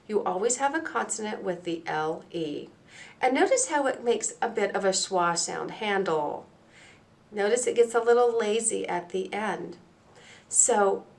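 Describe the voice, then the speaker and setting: Woman giving a slow, careful phonics lesson. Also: mid-range voice. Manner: slow, deliberate, explains step by step. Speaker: teacher trainer. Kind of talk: recorded teacher training lecture.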